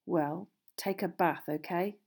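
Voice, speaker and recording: A woman voicing a friendly older teenage boy who speaks low and confidingly, with a few hesitations. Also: slow, a little mellow, husky, full character voice. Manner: lowered, confiding voice.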